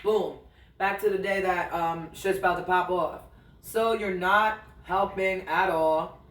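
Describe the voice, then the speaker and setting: A podcast host with a high, a bit bright voice tells a personal story in a candid, blunt, profane monologue, speaking straight to his ex at an unhurried pace with fairly even intonation. He's far from the mic, and the recording sounds roomy and a little off-mic.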